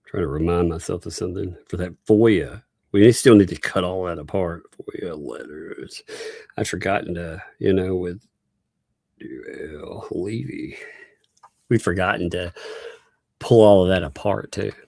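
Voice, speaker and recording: A man's voice: low voice, measured pace, vocal fry, darkish tone, no echo, studio quality. A man with a Southern US accent hosting a casual livestream, laughing often and reading viewer messages aloud. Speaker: livestream host.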